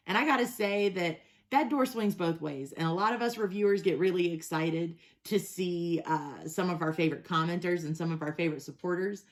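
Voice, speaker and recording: A woman's voice: fairly low pitch, normal speed. A young adult woman hosting a casual hot sauce review, chatty and enthusiastic as she reads the labels aloud.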